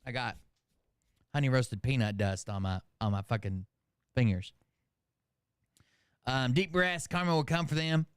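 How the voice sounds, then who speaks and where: Sarcastic, profane man, smooth dry voice. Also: medium pitch, animated, a little slow, pauses often, no echo. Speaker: commentary show host. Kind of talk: casual commentary reading comments aloud.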